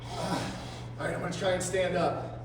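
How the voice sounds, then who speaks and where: A man performing live improv comedy scenes in a bold, theatrical way, breaking into loud exclamations. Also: high-pitched, steady tone, normal speed. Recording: echoey stage from far off with noise.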